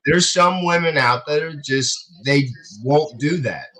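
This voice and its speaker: A man's voice: a little high, a little slow, bright, forceful tone, rough recording. A man joining a casual online panel chat in an easygoing way. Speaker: panel participant.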